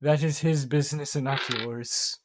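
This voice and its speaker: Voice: medium pitch, steady tone, moderate pace, noisy background, lightly acted. A large bugbear butler, stiff and tight-lipped, as a game master puts him on. He answers formally and gives nothing away, in a tabletop role-play. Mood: guarded. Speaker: game master voicing a character.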